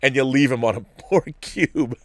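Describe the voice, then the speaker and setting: A man's voice: medium pitch, lively intonation, unhurried, dry recording, studio quality. A middle-aged man hosting a casual solo commentary show, rambling and laughing often between thoughts. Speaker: show host.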